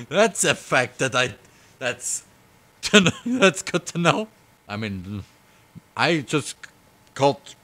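A man streaming himself reading a visual novel aloud, breaking off into giggly, excitable asides. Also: medium pitch. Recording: faint game music behind.

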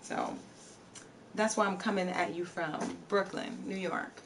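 A woman's voice: lowish voice, steady tone, a little slow, recorded from a distance, noisy background. A woman live streamer chatting casually and answering her viewers' chat messages. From Virginia, USA. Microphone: streaming setup.

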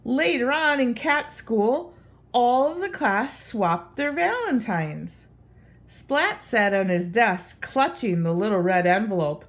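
A woman reading a picture book aloud to children. Her voice is sing-song and expressive, with a very lively pitch that rises and falls, and she takes her time over every line. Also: slow pace.

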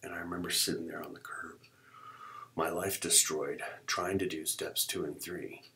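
A middle-aged man with a low voice recounts his own life as a testimony. He tells it dramatically, acts out what people said, and often sinks to a hushed whisper. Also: flat delivery, normal speed, gravelly, a little hiss or hum. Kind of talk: personal testimony.

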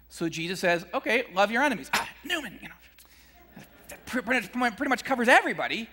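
In a large hall, a Christian speaker delivers a brisk, conversational sermon teaching scripture, chuckling between points. He animatedly acts out the disciples' complaints, his pitch jumping as he does.

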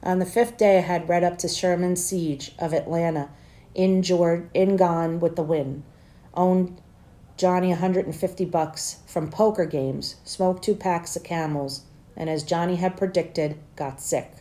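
A teacher reading a novel aloud to her students, with plain narration and livelier, louder dialogue. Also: fairly low pitch, steady tone, unhurried.

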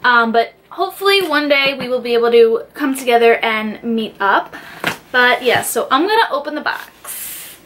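A young woman, a beauty YouTuber, chatting casually as she unboxes a swap package, excitable and full of "like" fillers. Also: on the high side, normal speed, background noise. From New York area.

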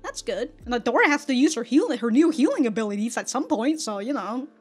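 A woman's voice: fairly high pitch, expressive, fairly quick, husky, faint music behind. A woman hosting a casual reaction video, swearing freely, laughing often and telling stories animatedly.

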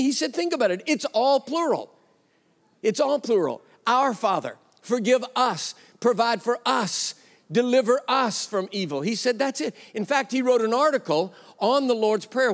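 A man preaching a sermon, telling a story with quoted dialogue and an emphatic delivery. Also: high voice. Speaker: pastor. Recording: long reverb of a large hall.

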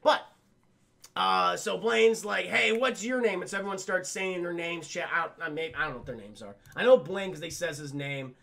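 A man's voice: a little high, moderate pace, gravelly, fairly bright tone. A young man on a livestream, casually recapping a film scene by scene for his chat, rambling and swearing as he goes. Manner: rambling, profane, keeps addressing the chat.

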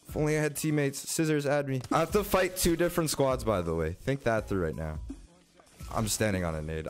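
Talking briskly over faint background music, a young man narrates his own game as a streamer. He's excitable and foul-mouthed, dropping to mutters one moment and shouting the next.

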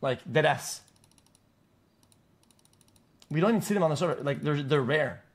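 A man's voice: fairly high pitch, lively intonation, normal speed. A man streaming live, ranting at his chat in a blunt, mocking way, swearing freely and restarting his sentences often. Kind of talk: casual rant to chat.

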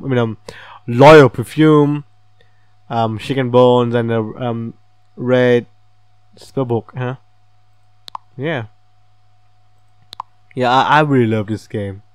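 A man's voice: medium pitch, little pitch movement, unhurried, pauses often, smooth, dry recording. A man hosting a casual let's-play, reading the game's text aloud and reacting with laughs and swearing. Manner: chatty, swearing, reads game text aloud, laughs often. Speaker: gaming channel host.

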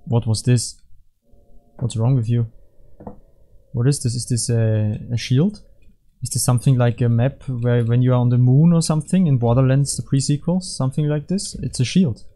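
Casting note: young male gaming commentator, rambling and joking, self-correcting, with a soft, mellow voice. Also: medium pitch, normal speed. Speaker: gaming YouTuber. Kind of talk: casual gameplay commentary.

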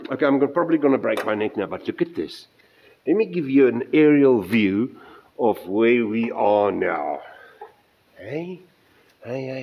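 Low-voiced South African man, slow rambling. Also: darkish tone, rough recording. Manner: rambling, self-interrupting, counts out measurements. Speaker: model railway builder. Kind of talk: casual workshop update vlog.

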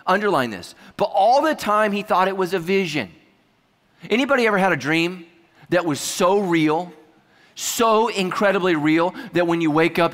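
A man with a slightly high voice preaches a sermon, and his jokes and storytelling asides keep it lively. His voice rings out with a long reverb tail, as in a large church auditorium. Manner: humorous, animated storytelling with asides. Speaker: pastor.

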